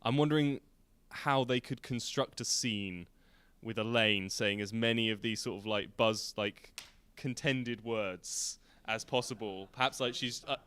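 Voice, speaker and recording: A man's voice: fairly low pitch, a little slow, a bit bright, clean tone. A man from Britain on a convention panel, playful and rambling, often laughing. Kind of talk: casual panel chat.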